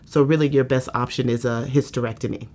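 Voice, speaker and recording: A woman's rumbling low voice moves fast through a candid interview giving her testimony as a patient. Lively and chatty, she leans on "you know" and performs the quoted speech of others in their own voices.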